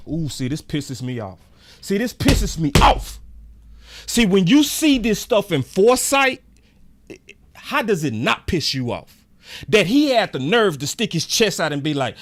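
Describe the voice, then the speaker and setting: Fired-up high-voiced man ranting. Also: big pitch swings, measured pace, soft background music. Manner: heated, repeats himself for emphasis. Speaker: sports commentator. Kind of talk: fan rant about a football game.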